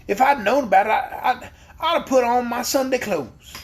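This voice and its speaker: Male reader as an old country farmer: raised pitch, blustery, stammering. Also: moderate pace. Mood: reproachful. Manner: folksy exclamations, stammering.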